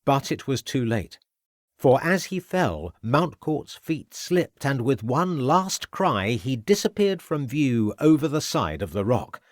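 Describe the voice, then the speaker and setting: A man narrating a mystery audiobook in an even, steady reading voice on a close studio mic. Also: medium pitch, takes it slowly, no room sound. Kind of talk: scripted narration.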